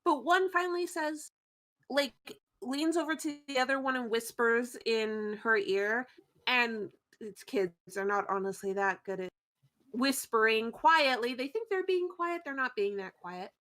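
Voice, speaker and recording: A woman's voice: on the high side, a little slow, a bit bright. A woman narrating a tabletop game as game master, loose and chatty with frequent fillers.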